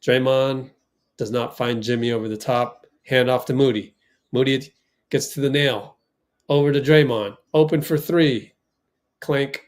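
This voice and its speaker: A man hosting a fan watch party stream, giving casual play-by-play, reacting loudly to plays and reading the chat aloud. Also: medium pitch, steady tone, measured pace.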